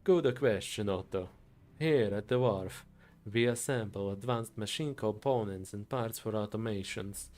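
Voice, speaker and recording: A man voicing a proud, idealistic male engineer in a put-on Italian accent, declaiming loudly in a game voiceover. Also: fairly low pitch, measured pace, soft background music, close to an everyday voice.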